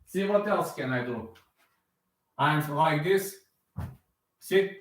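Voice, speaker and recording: A man hosting an MMA news reaction, talking casually and excitedly, repeating himself as he acts out fight moves. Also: on the high side, takes it slowly, roomy sound.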